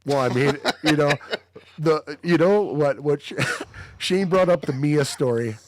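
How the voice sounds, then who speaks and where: A man's voice: on the high side, a little slow, darkish tone, dry recording, studio quality. A man hosting a podcast, telling wild stories with lots of swearing and laughter. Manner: profane, laughing storyteller. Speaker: podcast host. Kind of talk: casual storytelling chat.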